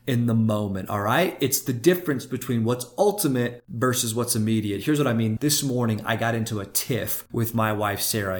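A man hosting his own coaching podcast, speaking in an energetic, conversational way and chuckling often as he talks to his listeners. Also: mid-range voice. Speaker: life coach and podcast host. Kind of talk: motivational podcast monologue.

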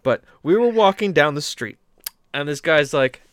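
A young man co-hosting a gaming podcast, telling stories in a casual, animated, rambling way with many restarts. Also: a little high, moderate pace, no room sound, studio quality. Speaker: podcast co-host. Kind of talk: casual storytelling chat.

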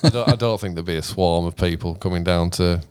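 A British man in loose podcast chat, his low voice smooth and resonant. He swears freely and lets his sentences trail off and restart. The sound is dry and close, with no room around it. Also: brisk, a little mellow, dry recording. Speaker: podcast co-host, musician. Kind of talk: casual chat.

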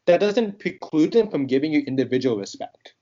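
A man from Texas, a podcast guest, talking in casual chat with an animated, ranting delivery in quick bursts. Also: on the high side, muffled recording. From Texas, United States.

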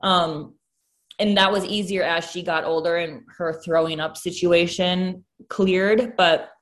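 A woman's voice: lowish voice, steady tone, unhurried. A young woman speaking candidly in a casual conversation, open and emotional as she recalls early motherhood. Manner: candid, emotional, tearful at times.

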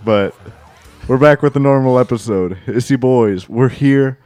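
A man's voice: medium pitch, unhurried, darkish tone, no echo. A young man co-hosting a casual comedy podcast, joking, rambling and laughing often. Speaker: podcast co-host.

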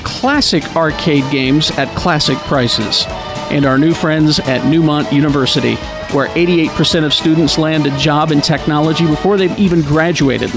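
A man hosting a casual podcast, reading sponsor spots and leading the banter, upbeat and quick to laugh. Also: on the high side. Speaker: podcast host. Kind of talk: casual chat and sponsor reads.

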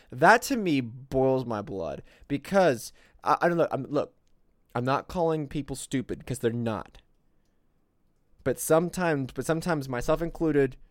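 A man's voice: medium pitch, no room sound, clean studio sound. A man co-hosting a casual political podcast, rambling and sarcastic, with many restarts and fillers. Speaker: podcast co-host.

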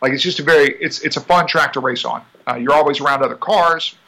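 Man, racing driver guest, bright edge, talkative and laughing. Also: fairly high pitch, quick pace, gravelly, slightly rough, poor audio. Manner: chatty, laughs often, animated asides. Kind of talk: casual interview chat.

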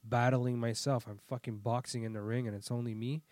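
A man in casual chat, swearing freely and telling lively stories. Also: medium pitch, fairly quick, no echo. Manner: swears a lot, animated storyteller.

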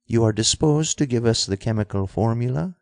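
A man's voice: mid-range voice, animated, a little fast, a little mellow, dry recording, clean studio sound, natural voice. A man voicing a cold, sneering young male villain in an audiobook, speaking coolly and with contempt. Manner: cool, sneering, clipped.

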